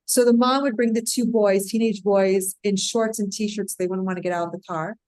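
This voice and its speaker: Animated woman coach telling stories. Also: mid-range voice, moderate pace. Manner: animated storytelling, acts out clients' voices. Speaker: parental alienation coach. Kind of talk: podcast guest interview.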